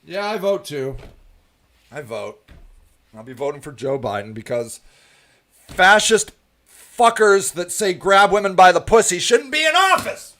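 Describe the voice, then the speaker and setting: A man's voice: high voice, very animated, a little slow, a bit bright. Heated, profane man ranting on politics. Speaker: show host.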